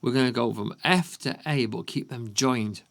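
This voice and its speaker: Gravelly Yorkshire man teaching piano. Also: medium pitch, moderate pace. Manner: counts beats aloud, checks in with frequent "okay?". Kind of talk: step-by-step piano lesson. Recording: piano music loud underneath. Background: piano playing.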